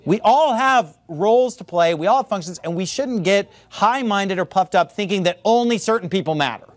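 Guy preaching casual and animated, high lively voice, dry close sound. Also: moderate pace, no echo. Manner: animated, talks to the room with asides and mimicry; informal filler-heavy delivery. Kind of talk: sermon.

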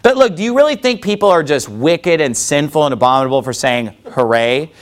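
A man's voice: on the high side, lively intonation, fairly quick. A man preaching a sermon in church, firing rhetorical questions at the congregation. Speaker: pastor.

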